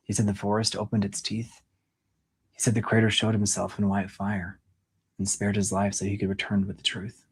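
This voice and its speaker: Man reading a secretive young woman from underground, low husky voice, grave and hushed. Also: monotone, moderate pace. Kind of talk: audition scene reading.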